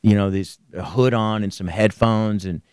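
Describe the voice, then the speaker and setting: A man's voice: on the low side, fairly even intonation, a little slow, darkish tone, smooth, no echo, clean studio sound. A man hosting a podcast, telling a story animatedly with lots of swearing in casual chat. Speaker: podcast host.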